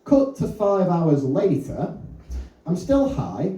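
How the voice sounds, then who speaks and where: A man's voice: high-pitched, huge pitch swings, slow, dark tone, echoey room, distant mic, rough recording. A man doing a crude, self-deprecating stand-up comedy set in a comedy club. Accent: English. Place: comedy club bar, audience laughing.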